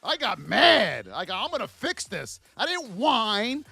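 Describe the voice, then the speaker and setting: A man hosting a live stock trading stream, giving market commentary and shouting out chat names in an animated, sing-song way. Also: very high-pitched, unhurried, creaky, husky, dry recording, soft background music. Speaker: stock trading livestream host.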